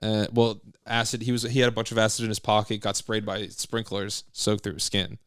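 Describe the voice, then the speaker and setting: Young male comedy co-host, smooth clear voice, dry close-mic sound, loose rambling delivery. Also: fairly low pitch, little pitch movement, brisk, no room sound. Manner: rambling, trailing off mid-sentence. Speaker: podcast co-host. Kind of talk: casual comedy chat.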